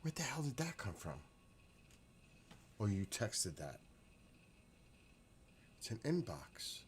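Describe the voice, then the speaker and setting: A man's voice: on the low side, sing-song, slow, slight background noise. A man chatting casually on a live stream, rambling, swearing freely and bursting into laughs. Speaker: livestreamer.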